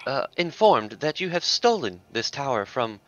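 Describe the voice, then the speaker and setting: A man playing a tabletop game in character, speaking in a formal, deadpan way. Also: mid-range voice, normal speed, lo-fi sound. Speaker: player. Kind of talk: in-character tabletop role-play.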